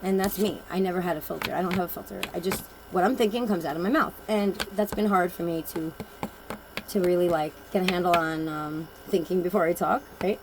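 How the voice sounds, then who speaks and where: A woman's voice: fairly low pitch, brisk, noisy background. A woman giving a casual oracle card reading, telling personal stories in a blunt, rambling and emphatic way.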